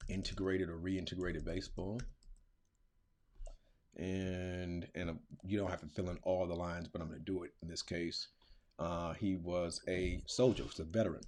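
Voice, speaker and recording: A middle-aged man with a deep, slightly mellow voice teaches a lesson in a screen-recorded classroom tutorial. He walks through it casually, thinking aloud, with filler words and slang.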